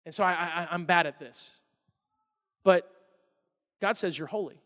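Captured live with long hall reverb, this middle-aged man is a pastor delivering a sermon in a church hall. He talks conversationally before rising into emphatic bursts, his high-sitting voice slow, steady in tone, pushed and bright.

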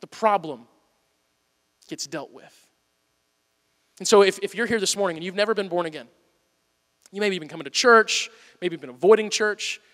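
High, bright-voiced preaching man. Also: normal speed, long pauses, big-room sound. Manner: earnest, swings from loud urging to soft pleading. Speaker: pastor. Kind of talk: sermon. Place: church auditorium.

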